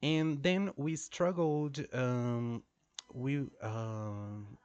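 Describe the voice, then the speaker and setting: Slow, deliberate male English teacher. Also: mid-range voice, fairly even intonation, a little mellow, smooth, no echo, muffled recording. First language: not English. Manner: slow and deliberate, repeats words for drilling. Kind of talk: pronunciation lesson.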